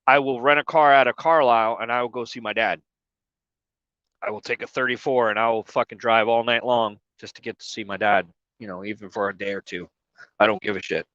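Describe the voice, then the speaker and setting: A man on a casual truck-cab live stream cries and sniffles through emotional talk, swearing and apologizing. His mid-range voice is bright and forceful, with no echo and dull audio.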